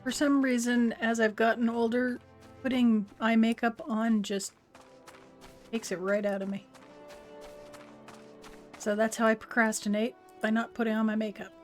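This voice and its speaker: A woman's voice: on the high side, flat delivery, normal speed, long pauses, faint music behind. A tired woman streamer chatting casually and rambling in self-deprecating asides while she plays a video game. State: tired and yawning. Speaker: gaming livestreamer. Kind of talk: casual gameplay chat.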